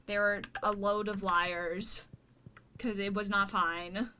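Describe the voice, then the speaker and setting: Woman streamer, bright and blunt. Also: medium pitch, flat delivery, slow, a little hiss or hum. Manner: venting, blunt and profane. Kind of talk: casual chat while gaming.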